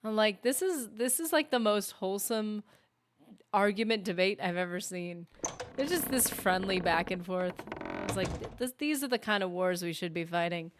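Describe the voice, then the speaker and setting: A woman's voice: medium pitch, expressive, normal speed, noisy background. A woman streaming a game, chatting casually and teasing her viewers in a playful way. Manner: playful, teasing banter with chat. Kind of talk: casual live-stream chat.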